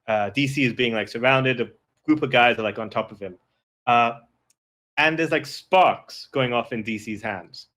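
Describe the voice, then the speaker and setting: A man's voice: mid-range voice, sharp tone. A man narrating a tabletop game as game master, rambling with many fillers and restarts.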